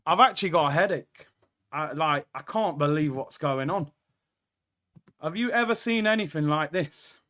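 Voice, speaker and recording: Bright, high-voiced excitable male streamer. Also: normal speed. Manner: excitable, reacts aloud to live play and reads chat. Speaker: watchalong host. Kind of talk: live football watchalong reaction. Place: indoor room.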